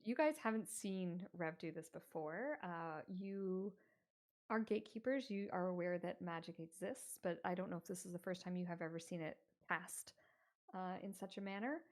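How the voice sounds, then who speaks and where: A woman running a tabletop horror game, narrating in a relaxed, chatty way. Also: on the low side, moderate pace. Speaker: game master.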